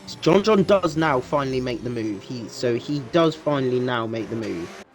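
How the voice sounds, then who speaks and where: Guy breaking down tyre strategy on a sim race stream, mid pitch, keeps restarting his words. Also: animated, normal speed, a little hiss or hum. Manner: analytical, repeats words when restarting. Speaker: race commentator. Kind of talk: sim racing co-commentary.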